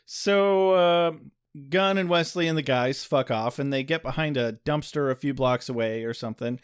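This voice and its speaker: A man's voice: medium pitch, moderate pace, smooth. A man co-hosting a podcast, recapping an episode in a casual, sardonic and profane way. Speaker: podcast co-host. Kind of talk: casual chat.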